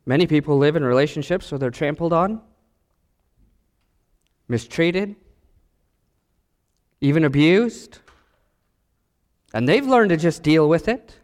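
A male pastor delivers a sermon in a high, highly lively voice, swooping up and down as he acts out quoted voices. His words ring out with a long church-hall reverb. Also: slow, long pauses.

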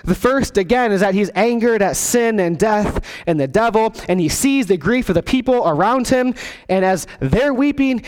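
A man preaching a sermon as a pastor, earnest, dropping quiet and low to stress key words. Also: lively intonation, normal speed. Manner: acts out quoted voices in the text.

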